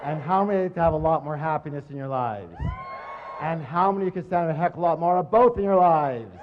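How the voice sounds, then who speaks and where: A middle-aged man with a fairly high voice works a live seminar audience, firing questions at the crowd and cracking jokes between points. The sound is dull and lo-fi, like an old event recording. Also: fairly quick, background noise. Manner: energetic, quizzes the audience, jokey. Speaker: motivational seminar speaker. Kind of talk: live motivational seminar talk.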